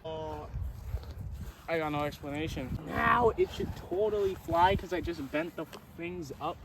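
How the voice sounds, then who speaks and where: Guy vlogging outside, high bouncy voice, goofy self-mocking, lots of background noise. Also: measured pace, gravelly, distant mic. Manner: playful, self-mocking, excitable. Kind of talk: joking vlog commentary. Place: outdoors and in a workshop.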